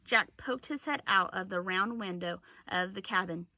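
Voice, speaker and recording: A woman teacher reading a chapter book aloud, in slow, clear storytelling. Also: medium pitch, bright, forceful tone, dry recording.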